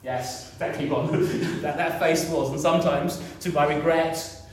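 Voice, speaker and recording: A man's voice: fairly high pitch, fairly even intonation, unhurried. A man in his fifties preaching a sermon in a conversational way, repeating points and asking the congregation questions. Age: 50s. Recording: echoey room, picked up from a distance.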